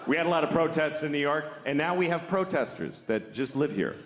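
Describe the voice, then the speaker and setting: A man's voice: a little high, lively intonation, fairly quick. Self-mocking man in an echoey room. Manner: profane, self-deprecating delivery. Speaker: stand-up comedian. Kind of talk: stand-up routine. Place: venue before a live audience. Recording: roomy echo with clear background noise.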